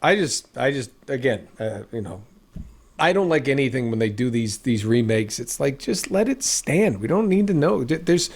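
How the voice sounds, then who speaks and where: A man's voice: mid-range voice, big pitch swings, normal speed. A man co-hosting a casual chat, blunt and dismissive in how he talks. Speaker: co-host.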